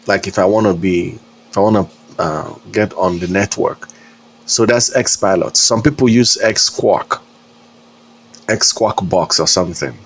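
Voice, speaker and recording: A man talks casually to his stream audience while flying a simulator. His voice sits low and his delivery is slow, full of hesitations and small chuckles, with a faint hum of noise behind him. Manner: rambling, hesitant, chuckles often. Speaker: flight sim streamer. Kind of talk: casual live-stream chat.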